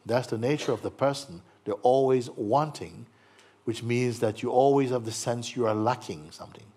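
A man giving a gentle spiritual talk to an audience, playful and teasing, acting out little voices and laughing as he speaks. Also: mid-range voice, normal speed, slightly rough. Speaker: spiritual teacher.

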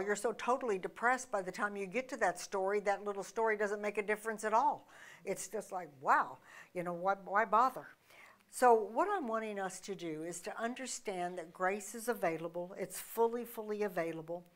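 A woman's voice: medium pitch, normal speed, fairly bright tone. Emphatic woman preaching a sermon. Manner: emphatic, conversational preaching with restarts and rhetorical questions. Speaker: minister.

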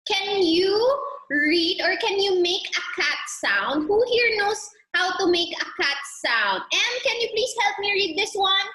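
Bright, high-voiced woman teacher, storybook read-aloud for kids, roomy video-call sound. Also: a little slow. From Philippines. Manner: animated, playful, coaxing. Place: home room, online class.

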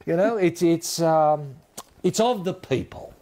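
A man with an Australian accent, co-hosting a deadpan mock sports commentary, rambling with many fillers. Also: a little high, a little slow. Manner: rambling, hesitant, lots of fillers. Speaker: comedy co-host.

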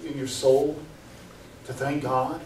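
A man's voice: medium pitch, level tone, takes it slowly, a little mellow, slight background noise. A man preaching a sermon as pastor, earnest and full of rhetorical questions, often repeating words as he goes. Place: church sanctuary. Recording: echoey room, mic far off.

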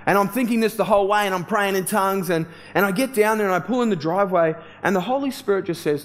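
Male pastor, slightly high voice, chatty sermon storytelling, loose and full of fillers. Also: fast, hardly any pauses. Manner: casual, conversational, many fillers and restarts.

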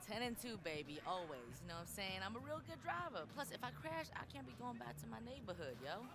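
A man's voice: high-pitched, very animated, fast, a crowd in the background. An actor playing a brash young man who is a basketball rookie's childhood friend, boasting in casual street slang in a game cutscene. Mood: boastful.

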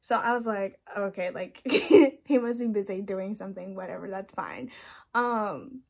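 A woman's voice: medium pitch, a little slow, gravelly. A young woman telling a story on her vlog in a chatty, casual way, laughing often and saying "like" a lot. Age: young adult. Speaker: vlogger.

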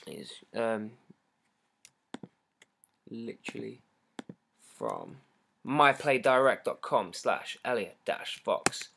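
Excitable British teenage boy chatting live. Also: fairly low pitch, slow pace, vocal fry, long pauses, a little hiss or hum. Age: teens. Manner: excitable, rambling, jokey. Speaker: singer hosting a fan livestream. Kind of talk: casual livestream chat reading fan comments.

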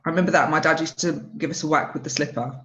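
A woman's voice: sits low, very fast. A woman stand-up comedian in casual podcast conversation, telling family stories with lots of laughter. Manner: animated storyteller, laughs often. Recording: dull lo-fi podcast audio.

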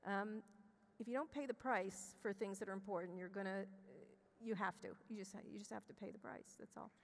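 A middle-aged woman telling a candid personal story as an interview guest on a conference stage, blunt and profane, restarting her sentences as she rushes ahead. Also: medium pitch, steady tone, slight background noise. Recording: long hall reverb.

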